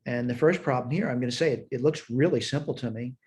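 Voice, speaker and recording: Working problems step by step at a whiteboard and sharing his screen, a man teaches a recorded math lesson, reasoning out loud. He speaks quickly in a medium pitch with a darkish tone.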